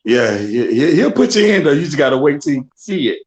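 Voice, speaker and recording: A man's voice: fairly high pitch, very animated, fairly quick. A man on an online panel casually explaining how to wait your turn, repeating himself. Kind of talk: casual chat.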